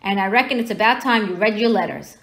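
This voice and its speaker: A woman reading aloud and voicing a huge, gruff, jolly man with a rough rustic dialect and a quick temper, raised in pitch. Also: a bit bright, natural voice. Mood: hearty.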